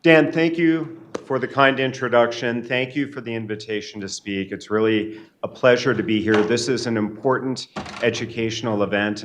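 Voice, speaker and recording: A man, a neuroanesthesiologist, giving a keynote lecture in a measured, earnest and reflective way. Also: medium pitch, noisy background. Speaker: keynote speaker. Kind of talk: academic lecture. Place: lecture hall.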